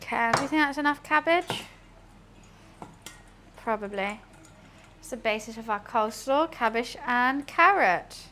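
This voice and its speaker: A young British woman chatting casually while she cooks on a live stream, answering chat in a deadpan way. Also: fairly high pitch, measured pace, long pauses, slight background noise. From United Kingdom.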